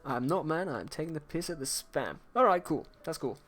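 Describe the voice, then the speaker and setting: A man's voice: fairly high pitch, lively intonation, fairly quick, fairly bright tone, faint music behind. A man chatting casually with his viewers on a livestream while he paints, playful and jokey as he reads the chat aloud. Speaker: livestreaming artist.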